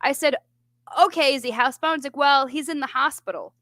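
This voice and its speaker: A woman chatting on a radio show as a veterans benefits advocate, telling an animated story and swearing freely. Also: high-pitched, brisk, no echo. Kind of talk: casual radio chat.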